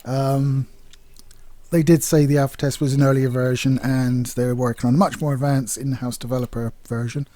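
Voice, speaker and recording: A man's voice: mid-range voice, flat delivery, moderate pace, warm tone, no echo. A man giving a casual, candid video game review, chatty and rambling with plenty of fillers.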